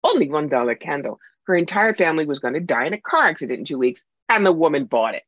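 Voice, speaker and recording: A woman's voice: low-pitched, big pitch swings, fast talker, slightly rough, no room sound. Woman guest telling stories, punchy n emphatic, kinda muffled lo-fi dry audio. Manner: emphatic, punchy anecdotal storyteller. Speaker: guest, psychic medium and author. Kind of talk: podcast interview, storytelling. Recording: dull lo-fi sound.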